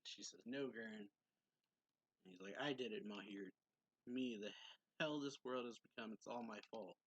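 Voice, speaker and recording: A man's voice: lowish voice, brisk, a bit bright, slightly rough, no room sound, highs cut off. A man retelling a manga chapter in a loose, casual way, with lots of fillers, and reading out characters' lines as he goes. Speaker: manga reviewer.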